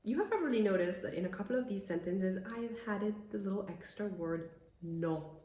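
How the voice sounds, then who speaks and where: A woman teaching in a video lesson. She explains patiently in a chatty way and reads the example sentences slowly and clearly. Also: medium pitch, animated, warm tone, reverberant. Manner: chatty, laughs at her own examples. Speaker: Italian language teacher.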